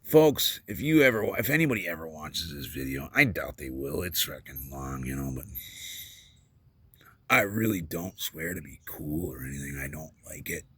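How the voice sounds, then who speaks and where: A man's voice: extremely low pitch, expressive, normal speed, fairly bright tone, husky, dry recording. A man talking in a rambling, self-deprecating vlog monologue, often dropping to a whisper, recorded outdoors at night.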